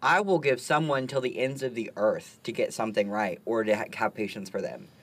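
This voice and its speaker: A man's voice: lowish voice, brisk. A man co-hosting a casual recovery talk, candid and self-deprecating, swearing and laughing easily. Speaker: podcast co-host.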